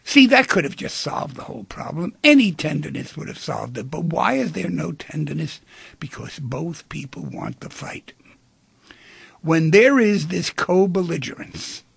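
Gravelly, husky man hosting talk radio. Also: on the high side, a little slow, dry recording. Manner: animated, acts out dialogue in stories. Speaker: radio call-in show host.

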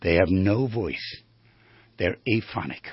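A male therapist giving a storytelling lecture on the voice, animated and asking his audience questions. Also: deep voice, takes it slowly, no echo, dull audio. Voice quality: very raspy, gravelly.

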